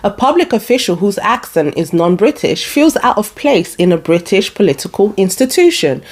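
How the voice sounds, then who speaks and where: Woman, video essayist, blunt opinion commentary, middle pitch. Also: darkish tone.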